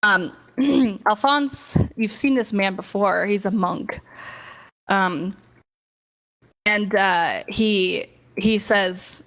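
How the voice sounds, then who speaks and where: A woman's voice: medium pitch, drawn-out words, a bit bright, low-quality recording. A woman narrating a tabletop game as game master, chatty and full of fillers. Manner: chatty, laughing, many fillers.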